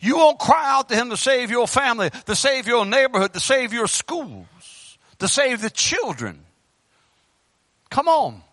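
Fervent high-voiced male preacher. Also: very animated, unhurried, no room sound. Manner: fervent preaching, swinging between loud bursts and hushed pleading. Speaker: pastor. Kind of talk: sermon. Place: church. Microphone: handheld microphone.

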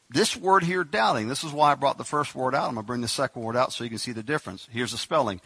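A man's voice: mid-range voice, fast talker, few pauses, fairly bright tone, breathy edge, no room sound. A man preaching a sermon in a conversational way, acting out the people in the story as he goes. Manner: conversational preaching, acts out biblical characters.

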